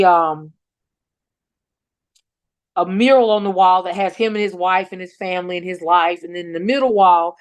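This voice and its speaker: A woman's voice: mid-range voice, no room sound. Emphatic middle-aged woman, dry. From North Carolina. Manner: emphatic, retells confrontations, quotes herself. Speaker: guest, bereaved mother. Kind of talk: personal account in a podcast interview.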